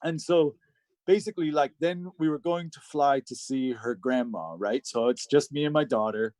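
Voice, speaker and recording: A middle-aged record producer and engineer, appearing as a guest, tells a personal story while close to tears. He is casual and profane, with many fillers. His mid-range voice has a darkish tone at a moderate pace, recorded dry.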